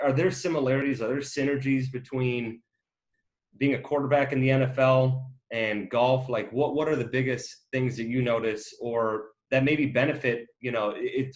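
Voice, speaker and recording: A man hosting an interview, asking long, wandering questions with many fillers in a friendly, casual way. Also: medium pitch. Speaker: interview host, company co-founder.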